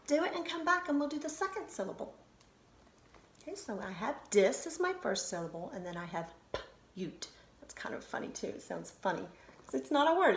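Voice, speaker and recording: A woman teacher giving a video phonics lesson to children, sounding out syllables and spelling words letter by letter. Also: a little high. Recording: roomy echo, faint noise.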